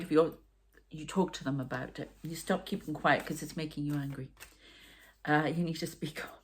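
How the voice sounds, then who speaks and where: Geordie woman, tarot reader, rambling chatty delivery, slightly low voice. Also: fairly even intonation, moderate pace. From North East England. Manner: rambling, chatty, with asides and sighs. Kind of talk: casual psychic reading monologue.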